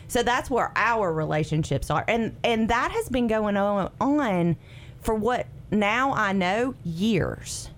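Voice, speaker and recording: A woman, talking in a lively, animated way and acting out her own quotes. Her voice sits in a middle pitch, with a faint hiss of noise behind it. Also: measured pace. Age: 40s. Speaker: radio co-host and guest. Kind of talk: casual chat telling her story.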